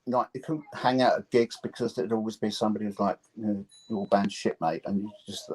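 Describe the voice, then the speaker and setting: A man, a guest musician in a casual interview, talking in halting, restarting phrases with dry sarcastic humour. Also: fairly low pitch, fairly even intonation, a little mellow, husky, poor audio.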